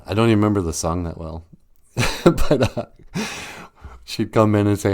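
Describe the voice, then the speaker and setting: At normal speed with frequent pauses, a man with a fairly low, darkish voice hosts a podcast. It's a casual comic monologue full of laughter, bursts of song, and sarcastic put-on voices for the people he quotes.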